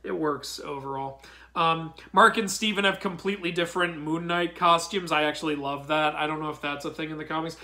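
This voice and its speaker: A man giving a casual review of a TV episode, excitable and prone to exasperated outbursts. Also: a little high, fairly quick. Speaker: mythology video commentator.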